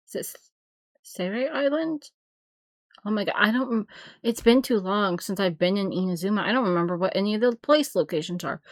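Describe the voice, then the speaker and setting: A woman streamer reacts to game trailers in blunt, opinionated, rambling commentary, frequently laughing and cutting herself off. Her voice sits at a medium pitch with no echo.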